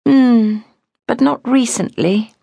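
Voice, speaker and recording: A woman's voice: sits low, animated, normal speed, breathy edge, no room sound, clean studio sound. A woman reading the part of a confident, worldly young woman who talks in a teasing, breezy way. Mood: musing.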